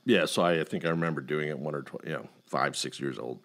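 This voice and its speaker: A man's voice: extremely low pitch, quick pace, creaky. A middle-aged man hosting a casual chat, telling a long story with lots of swearing and acting out other people's lines. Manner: animated storyteller who swears freely and acts out quotes. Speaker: podcast host.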